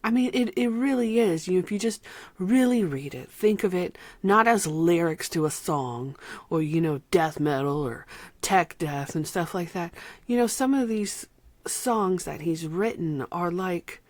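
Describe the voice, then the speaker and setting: A woman reviewing an album, speaking from the heart and close to tears, sometimes dropping to a soft whisper. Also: fairly low pitch, measured pace, no room sound. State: emotional, near tears. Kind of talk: emotional personal vlog talk.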